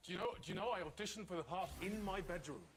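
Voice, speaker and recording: A man from Birmingham, an actor guest on a comedy panel show, talking in an animated, self-mocking way. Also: sits high, very fast, over music. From Birmingham, England.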